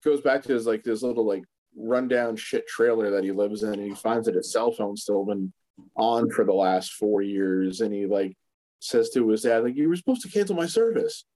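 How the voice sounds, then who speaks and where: A man's voice: lowish voice, fairly even intonation, moderate pace, dark tone, low-quality recording. A man in casual chat, recorded on a phone, loosely retelling TV scenes with many fillers.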